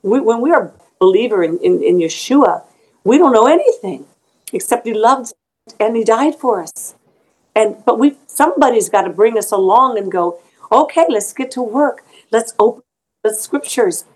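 A woman's voice: fairly high pitch, a little mellow, low-quality recording. A middle-aged woman being interviewed as an author, speaking earnestly and emotionally about faith, often repeating words as she goes.

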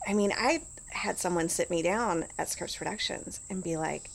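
A woman's voice: fairly low pitch, moderate pace, gravelly, hardly any pauses. A middle-aged woman talking casually as an interview guest, full of "like" and restarts. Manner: chatty, lots of "like" and restarts.

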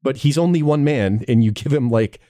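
A man's voice: mid-range voice, normal speed, dark tone, no room sound. A man co-hosting a podcast in casual chat, sardonic with laughing asides. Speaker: podcast co-host.

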